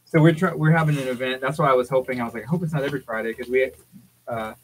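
A man's voice: medium pitch, fairly even intonation, very fast, a little hiss or hum, rough recording. A man hosting a morning radio show, chatting and joking easily in the studio. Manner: easygoing, joking. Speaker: radio host. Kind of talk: casual studio banter.

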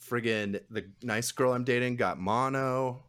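A man's voice: mid-range voice, measured pace, fairly bright tone. A young man chatting casually as a podcast co-host, rambling, swearing freely and laughing often. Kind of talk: casual chat.

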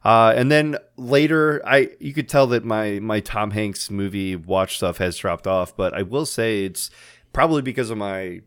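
Low-voiced man rambling in casual chat. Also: moderate pace, smooth. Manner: rambling, laughs while retelling scenes. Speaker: podcast co-host.

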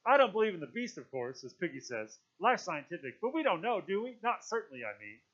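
An eager, chatty schoolboy put on by a man, pitched high and bursting out loud as he rambles on, words tumbling over each other. A dull, lo-fi recording. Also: sing-song, a little fast, full character voice. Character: chatty excitable schoolboy, boy.

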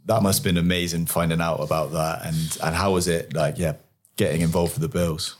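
Deep-voiced interviewer guy, chatty questions, easy tone. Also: steady tone, brisk, slight background noise.

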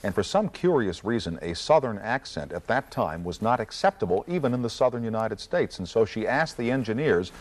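Deep-voiced, measured talk show host. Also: male voice, very animated. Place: television studio set.

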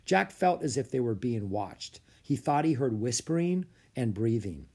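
Expressive man reading a children's book. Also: mid-range voice, unhurried, husky. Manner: expressive, story-telling delivery. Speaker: audiobook narrator. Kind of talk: children's book read aloud.

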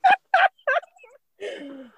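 A young woman co-hosting a podcast, recalling shared memories excitedly among friends. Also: extremely high pitch, dry recording. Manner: excitable, quick recollections. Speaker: podcast co-host. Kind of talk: casual chat among friends.

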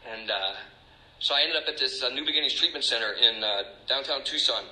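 A man's voice: mid-range voice, fast talker, bright, forceful tone. A man telling his own recovery story candidly, with blunt, self-mocking humor. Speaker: speaker sharing a recovery story. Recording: echoey room.

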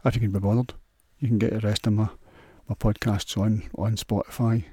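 Scottish man, solo podcast host, low husky voice, crude sweary rambling, dry close sound. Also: level tone, fairly quick, mellow, dry recording.

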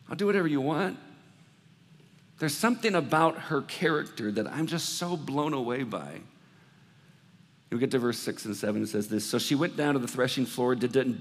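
Animated preaching man, reverberant hall. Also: medium pitch. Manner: animated storytelling with acted-out dialogue. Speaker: pastor. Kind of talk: sermon.

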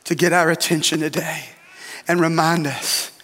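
Male pastor preaching, high bright tone, in a hall with long reverb. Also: little pitch movement, moderate pace. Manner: emphatic preaching with dramatic repetition. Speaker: lead pastor. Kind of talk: sermon.

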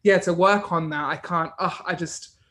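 Enthusiastic podcast host, fairly high male voice. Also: fairly even intonation, normal speed, a bit bright. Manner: enthusiastic, lots of fillers like "like". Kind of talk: casual interview chat.

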